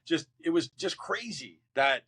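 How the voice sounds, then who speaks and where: His voice sits on the high side, slightly rough and a little slow. The middle-aged Marine veteran tells his life story in an interview, animated and mimicking the people he quotes, with many restarts.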